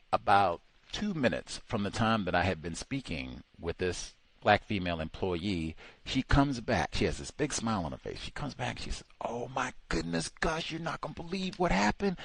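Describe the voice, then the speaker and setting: A man's voice: low voice, sing-song, moderate pace, a bit bright. A man calling in to a talk show, telling a story with animation and acting out other people's voices. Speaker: caller.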